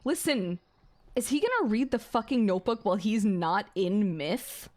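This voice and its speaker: A young adult woman streamer reading a visual novel aloud on a gaming stream, excitable and swearing between gasps and laughs. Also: mid-range voice, normal speed.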